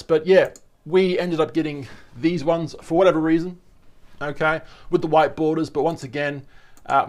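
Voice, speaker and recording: A man, chatting casually to camera in a rambling, enthusiastic vlog. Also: on the high side. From Australia. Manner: rambling, chatty, with restarts and asides. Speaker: vlogger.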